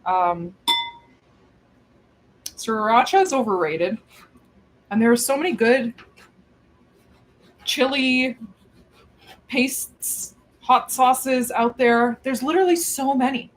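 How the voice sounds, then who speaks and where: A woman's voice: a little high, slow, long pauses, low-quality recording. A woman hosting a cooking livestream from her home kitchen, chatting casually in a rambling way as she moves around, with cooking sounds behind her. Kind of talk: casual chat while cooking.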